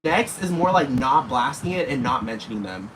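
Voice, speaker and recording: A man's voice: medium pitch, expressive, brisk. Profane rambling man on a noisy recording. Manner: rambling, profane, talks straight at his targets. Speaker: vlogger. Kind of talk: casual rant to camera. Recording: noisy background hiss.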